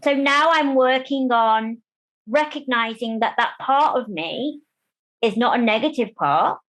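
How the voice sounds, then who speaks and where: Lively woman guest chatting away, kinda high voice, from germany, candid. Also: a little slow. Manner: animated, chatty, acts out quoted voices. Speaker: guest, disability rights campaigner. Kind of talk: candid conversational interview.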